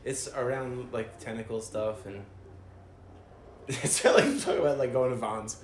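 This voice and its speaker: A man's voice: mid-range voice, normal speed. A man chatting casually about a movie, laid-back and swearing freely. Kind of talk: casual movie commentary chat. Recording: roomy room with faint noise.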